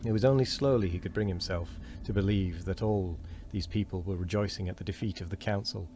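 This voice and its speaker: A man reads a novel aloud in a steady, measured way. His voice sits very low. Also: a little hiss or hum. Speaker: streamer reading a book aloud.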